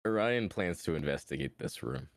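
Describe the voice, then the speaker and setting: A man plays a tabletop game in a laid-back, slangy way. His voice is extremely low. He sounds close to the mic, with no room around him. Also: expressive, moderate pace, creaky, no room sound. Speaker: player.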